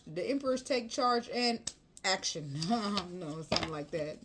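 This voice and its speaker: A woman's voice: on the low side, animated, normal speed, noisy background. A woman reading tarot cards in a chatty, emotional, colloquial way. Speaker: tarot reader.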